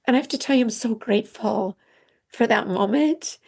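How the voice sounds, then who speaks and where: A middle-aged woman speaks as a podcast guest with a voice that sits a little high. She tells her personal story earnestly and haltingly, often stopping and restarting her sentences. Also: creaky, a little mellow, husky.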